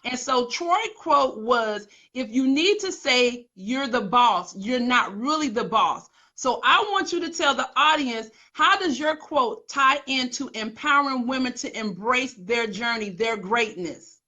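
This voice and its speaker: A middle-aged woman hosts a live-streamed interview with a bright, lively tone. Her audio is a little muffled and lo-fi. She affirms her guest often and teases him playfully. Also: on the high side, measured pace. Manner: affirming, teasing, lots of mm-hmms. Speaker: show host.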